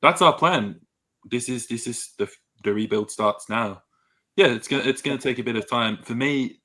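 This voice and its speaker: Low voice guy, chill and realistic, lots of you knows. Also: pushed and bright. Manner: measured, hedging with fillers. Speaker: guest fan panelist. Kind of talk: casual footy chat.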